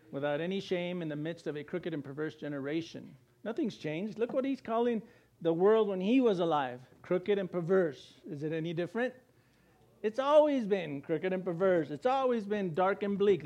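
Middle-aged man, pastor, sermon, lively delivery, high voice, church. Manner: animated, laughing, mimics gloomy complainers.

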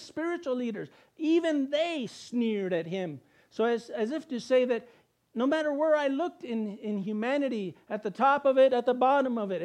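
A male preacher delivering a sermon in a notably high voice for a man. He builds his points through repeated phrases. He pushes his voice into sudden loud, emphatic bursts.

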